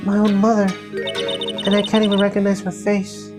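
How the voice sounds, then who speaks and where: A woman on a stream voicing a lively young female spirit medium from a game, earnest in manner. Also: mid-range voice, a little fast, natural voice. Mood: wistful. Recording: game music playing clearly behind.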